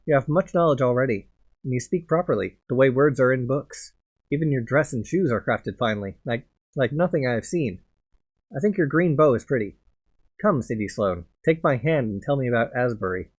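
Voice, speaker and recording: A man voicing a kindly woman who leads a group of travelers in a video game and speaks in a gentle, soothing way. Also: mid-range voice, expressive, a little fast, slightly rough, voice pushed up. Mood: warm.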